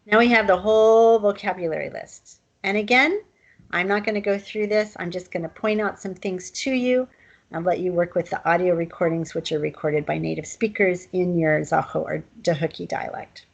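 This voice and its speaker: A woman teaching a language lesson, explaining pronunciation and sounding out words slowly. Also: lowish voice, creaky, dull audio.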